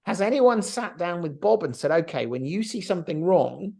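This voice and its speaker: A man's voice: high-pitched, normal speed, gravelly. A middle-aged man co-hosting a business podcast, talking animatedly and acting out quoted voices in a casual discussion. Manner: animated, acts out quotes of others. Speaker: podcast co-host.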